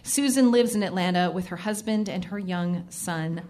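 A woman host reading a guest introduction in a slightly low voice. Her delivery is brisk and upbeat, clear and steady. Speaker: podcast host introducing a reader.

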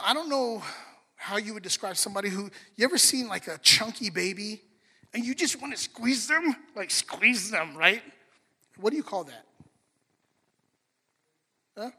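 A high, very bright male voice delivers a sermon, moving from hushed asides to loud, lively bursts as he tells stories. The sound rings with the long reverb of a big hall. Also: breathy edge. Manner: animated storytelling, swings from soft to loud. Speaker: pastor.

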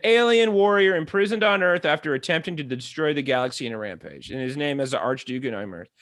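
A man co-hosting a casual movie review chat, excitable, swearing freely and laughing often. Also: on the high side, quick pace. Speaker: podcast co-host.

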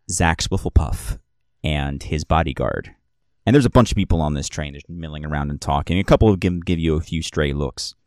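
A man's voice: deep voice, a little mellow, dry recording, clean studio sound. A man narrating as game master of a tabletop game, describing scenes in a rambling way full of fillers and restarts.

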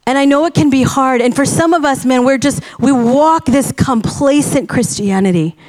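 A woman pastor preaching with a very high, light voice. She tells her story in an animated way, doubling key phrases for emphasis as she builds toward her point. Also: moderate pace. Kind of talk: sermon.

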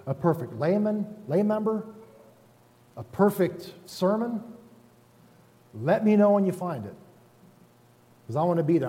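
A man who is a pastor, preaching a relaxed, conversational sermon in a folksy, self-deprecating way and often checking in with the congregation. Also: sits high. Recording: reverberant hall sound.

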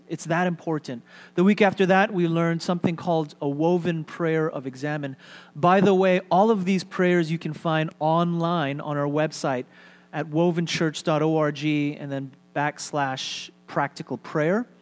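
Conversational male pastor, slightly high voice. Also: steady tone, measured pace. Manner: conversational, with fillers and light humor. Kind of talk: sermon.

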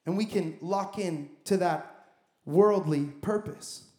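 High-voiced pastor preaching in an echoey church. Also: male voice, takes it slowly, darkish tone. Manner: emphatic, builds with repeated phrases. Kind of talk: sermon. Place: church sanctuary.

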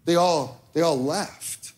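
High-voiced man preaching a sermon. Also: takes it slowly, darkish tone. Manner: conversational preaching with frequent okay and right. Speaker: pastor.

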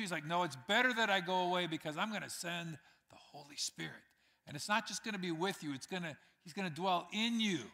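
A man's voice: high voice, expressive, fairly quick, gravelly, sharp tone. A man preaching a sermon as pastor, conversational and direct with the congregation, acting out quotes. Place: church sanctuary. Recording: reverberant church hall.

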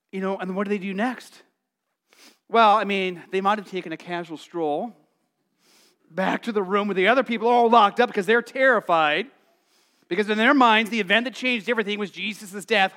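A male pastor preaching a sermon, telling the story in a lively way and acting out excited voices. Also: sits high, fairly quick. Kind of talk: Easter sermon.

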